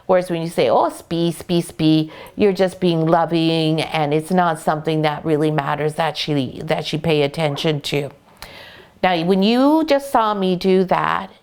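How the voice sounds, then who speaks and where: A woman's voice: on the low side, fairly even intonation, unhurried, smooth. A woman breeder with a Canadian accent, talking through her puppies' names and care in a casual, explaining way. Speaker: dog breeder. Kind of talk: casual educational vlog.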